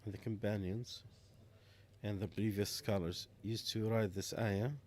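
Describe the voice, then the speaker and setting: Slow, halting man giving Quran commentary. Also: on the low side, level tone, a little mellow. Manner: slow, halting, with pauses and restarts. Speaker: Quran interpreter. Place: mosque.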